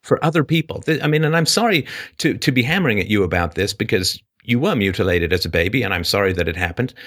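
A man with a low voice hosts a call-in show and argues with a caller, lecturing forcefully and interrupting. His pitch leaps sharply on the words he stresses, so the whole delivery swings widely up and down. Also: lively intonation, fast talker. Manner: lecturing, forceful, cutting in, pitch jumps high when stressing points. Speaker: host. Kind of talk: heated call-in debate.

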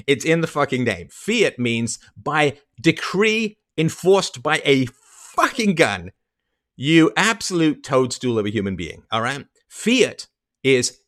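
Profane, animated middle-aged male ranter. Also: fairly high pitch. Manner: profane, mocking, emphatic ranting. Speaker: podcast host commenting on a clip. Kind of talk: ranting commentary.

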